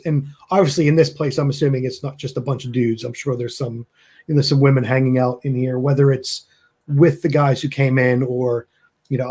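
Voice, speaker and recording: A man's voice: mid-range voice, warm tone. A man narrating as game master in a loose, chatty way, laughing often.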